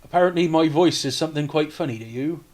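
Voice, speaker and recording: A frazzled, wounded town mayor, middle-aged and out of his depth, his voice pitched up high and pleading, as a man puts him on. He sounds like a figure from a live tabletop game. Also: fast, darkish tone, lightly acted. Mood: flustered.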